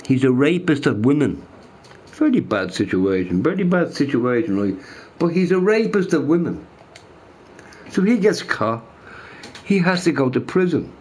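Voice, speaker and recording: A man's voice: mid-range voice, very animated, moderate pace, long pauses, darkish tone. A man ranting casually to his chat, repeating himself emphatically. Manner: emphatic, repeats phrases, says bro a lot.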